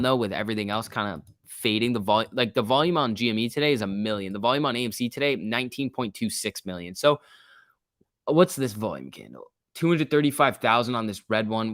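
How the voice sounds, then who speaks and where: Young man, stock livestream host, casual and excitable, dry close sound. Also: mid-range voice, no echo. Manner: chatty, reads chat messages aloud, jumpy and excitable.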